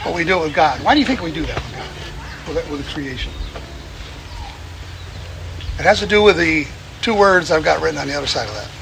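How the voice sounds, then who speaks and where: A man's voice: on the high side, lively intonation, a little fast, creaky, long pauses. A man preaching outdoors in a folksy, chuckling way, repeating his phrases for emphasis. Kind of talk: outdoor sermon. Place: outdoors among birds. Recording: noisy outdoor recording.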